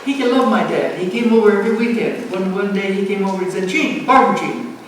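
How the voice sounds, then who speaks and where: A woman in her nineties tells a personal story at a family gathering in a community center, speaking fast in a mid-range, darkish voice. She acts out the voices of the people involved and laughs along the way. The hall is echoey, the mic is far off, and there's a faint hum.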